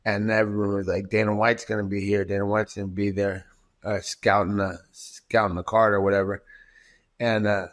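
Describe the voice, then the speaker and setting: A man's voice: lowish voice, little pitch movement, moderate pace. A man, a podcast guest and fighter, telling a long story in casual, profane talk. He acts out quoted dialogue and often restarts his sentences.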